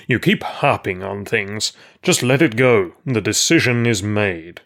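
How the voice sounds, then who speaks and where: A man voicing an angry, domineering male refugee leader who speaks harshly and impatiently, pitched a little above his own voice. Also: animated, a little slow, gravelly, a bit bright, heavily acted. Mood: dismissive.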